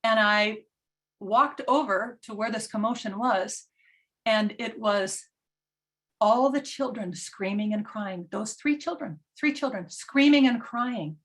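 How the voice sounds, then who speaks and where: Middle-aged female educator, earnest storyteller, somewhat high pitch. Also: takes it slowly, a bit bright. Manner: earnest, storytelling with filler ums. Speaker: parenting educator. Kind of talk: presentation talk.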